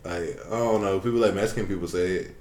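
Young guy joking around bluntly, lowish voice, roomy echo. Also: fast, darkish tone. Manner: blunt, joking, heavy slang. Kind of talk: casual chat. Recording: echoey room.

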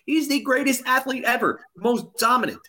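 Male co-host, bright tone, emphatic, casual sports chat. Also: very high-pitched, expressive, normal speed. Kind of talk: casual sports talk show.

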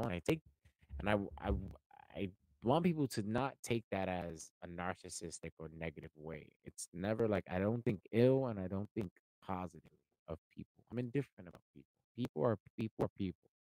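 A podcast host, a man with a low, gravelly voice, talks straight into a close mic in a dry room. He rambles and swears freely, full of fillers, getting animated as he goes. It sounds like a loose, unscripted monologue. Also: no room sound, low-quality recording.

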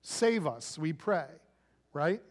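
High-voiced pastor, conversational sermon, reverb. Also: male voice, big pitch swings, slow. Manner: conversational, often adds "right?". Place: church sanctuary.

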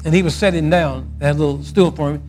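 A man preaching a sermon and telling a story, swinging from loud quoted outbursts to a soft, quiet close. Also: on the high side, fairly even intonation, quick pace, soft background music.

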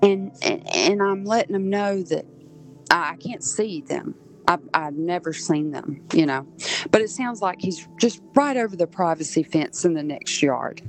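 A woman's voice: fairly low pitch, lively intonation, measured pace, faint music behind, low-quality recording. A woman from southern Georgia, a podcast guest, earnestly recounting events step by step. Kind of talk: personal storytelling.

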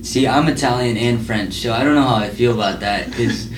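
A man hosting a podcast, asking loose, rambling questions in a relaxed tone. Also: medium pitch, fairly quick, far from the mic. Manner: easygoing, asks rambling questions. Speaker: podcast host. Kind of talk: casual interview chat. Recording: echoey room with faint ambient noise.

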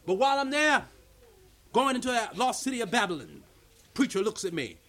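A male pastor preaches a fervent sermon at a church meeting, calling out to the congregation for responses. His voice sits high for a man and rides a rousing, rhythmic cadence. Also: very animated, fairly quick, fairly bright tone.

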